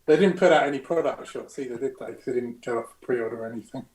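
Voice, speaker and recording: A man's voice: medium pitch, fast talker, darkish tone. A man co-hosting a casual livestream, making brief, matter-of-fact remarks in a roomy-sounding recording. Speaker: co-host.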